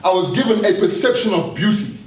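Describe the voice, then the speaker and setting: A man gives an earnest talk to a live audience, turning again and again to the room with questions. His voice sits fairly high for a man and carries around a roomy hall. It is picked up from a distance, with a faint hiss underneath. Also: fairly quick, a little mellow. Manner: earnest, repeats words, asks the audience questions. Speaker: speaker addressing an audience.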